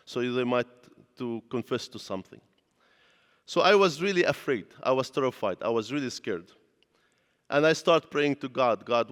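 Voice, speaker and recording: A pastor with a mid-range, slightly bright voice gives a lecture-style personal testimony sermon in a church with long hall reverb. He tells his story earnestly, using non-native grammar.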